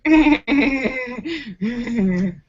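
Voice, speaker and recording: A woman hosting a casual live stream from a room at home, animated and giggly as she reads viewer comments. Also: fairly high pitch, very slow, slightly rough. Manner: chatty and animated, giggles often. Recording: slightly muffled lo-fi.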